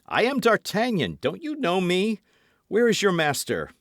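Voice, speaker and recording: Man reading hot-headed young musketeer, high and insistent, lively swings. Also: unhurried, no echo, studio quality, heavily acted. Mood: urgent. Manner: raised, pressing delivery. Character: young male swordsman, agitated and urgent.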